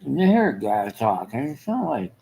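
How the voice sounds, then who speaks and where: A man's voice: mid-range voice, very animated, normal speed, creaky, mellow, poor audio. A man giving a rambling casual monologue, trailing off mid-thought and chuckling often.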